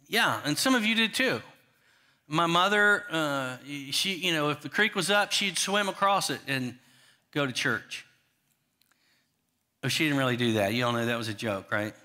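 A man's voice: fairly high pitch, bright, forceful tone. A man preaching a sermon in a conversational way, often restarting and asking the congregation questions. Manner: frequent restarts and "you know" asides. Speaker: pastor.

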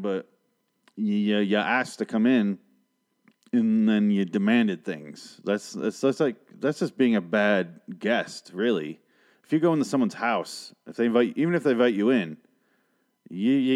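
Profane, sarcastic man with a lowish voice. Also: normal speed, darkish tone. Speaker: host of a TV review show. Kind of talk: casual episode review.

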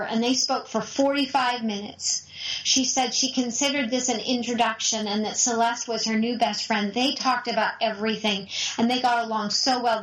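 A middle-aged woman, a mother, telling a personal family story in an animated, emotional way. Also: on the high side, rough recording.

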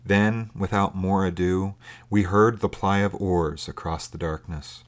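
Low-voiced man reading a story. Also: fairly even intonation, a little slow. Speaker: narrator. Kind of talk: storybook narration.

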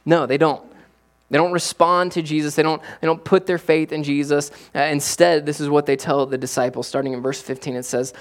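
A middle-aged man preaching as a pastor. His delivery swings from hushed to loud and excited. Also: fairly high pitch, brisk. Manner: animated preaching with big swings from quiet to loud. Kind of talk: sermon.

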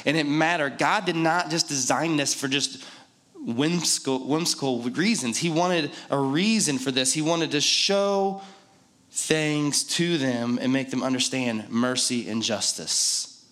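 Male pastor, slightly higher voice, chatty sermon delivery with emphatic repeats. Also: unhurried, a bit bright. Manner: conversational and joking, with emphatic repetition.

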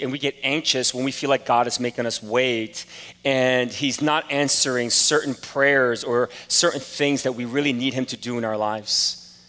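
A man in his forties delivers a sermon in a relaxed, storytelling way, laughing at himself as he goes. His voice sits high and sounds bright and forceful. A long reverb from the church hall trails after his words. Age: 40s. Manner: casual storytelling with self-deprecating humor. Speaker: pastor.

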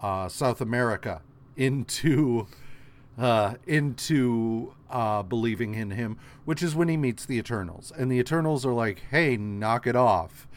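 A podcast co-host chats casually while recapping comics, speaking slowly and haltingly with many fillers and restarts. His voice is medium-pitched.

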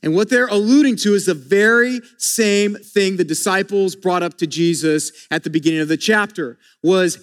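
A man with a notably high-pitched voice delivers a sermon as pastor. He speaks conversationally, addressing his listeners directly, leaning on emphatic repetition and rhetorical questions. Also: normal speed, few pauses.

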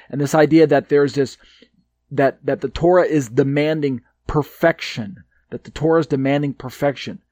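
A man reads and explains a Bible commentary he wrote, leaning hard on his key points. He's hesitant, with many fillers and restarts, in a medium-pitched, darkish voice on a dry recording.

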